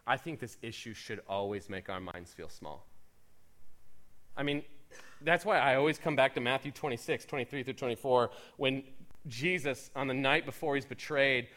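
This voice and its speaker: A man pastor preaching a sermon in an animated, conversational way with playful asides. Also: mid-range voice, moderate pace.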